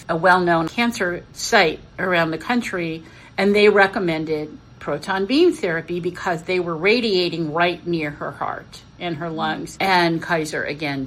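A woman narrating a story for a podcast, in a steady way. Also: lowish voice, poor audio.

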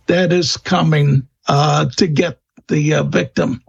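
Male interview guest, unhurried and halting, high gravelly tone, muffled recording. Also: fairly even intonation. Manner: slow, hesitant, many fillers and restarts. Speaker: guest expert on vampire lore. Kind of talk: interview answers.

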